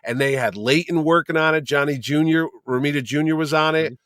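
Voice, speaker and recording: A middle-aged man, a convention producer, telling lively anecdotes as a guest and acting out the people he quotes. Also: fairly high pitch, fairly quick, no echo, studio quality. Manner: lively storyteller who acts out quoted people. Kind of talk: casual podcast chat, anecdotes.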